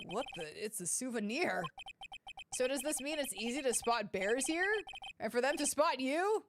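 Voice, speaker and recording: A woman's voice: sits high, animated, normal speed, noisy background. A woman casually commenting through a game playthrough, chatty, giggly and self-deprecating. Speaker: gaming streamer.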